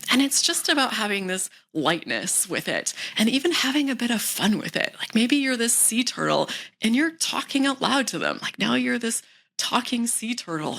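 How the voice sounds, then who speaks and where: A woman coach giving a calm, gentle how-to talk to camera, reassuring and sometimes dropping into soft whispers. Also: on the high side, normal speed, gravelly. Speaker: wellness coach.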